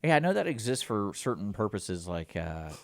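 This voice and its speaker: A man co-hosting a radio talk show in casual chat, animated and acting out imagined exchanges. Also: lowish voice, moderate pace, creaky, no room sound. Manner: animated, acts out imagined dialogue.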